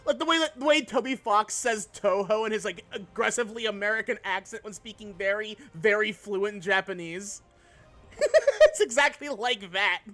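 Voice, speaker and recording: Very high, bright-voiced excitable male streamer. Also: normal speed, soft background music. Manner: excitable, laughs often, swears freely. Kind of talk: casual live-stream chat while gaming.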